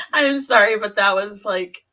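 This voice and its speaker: A woman's voice: on the high side, pushed and bright. A woman co-hosting a casual TV review chat, retelling favorite scenes and laughing often. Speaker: podcast co-host.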